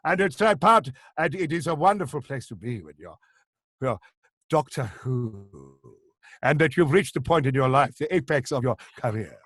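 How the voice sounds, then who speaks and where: A man impersonating a grand, self-regarding older actor who speaks slowly and pompously over a video call. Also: medium pitch, lively intonation, fairly bright tone, no room sound, studio quality. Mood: grandiose. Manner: slow, plummy, pompous delivery.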